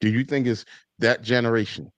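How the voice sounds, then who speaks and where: A man hosting a casual interview, mostly giving short affirmations and asking relaxed questions. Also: medium pitch, fairly quick, no room sound. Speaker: host.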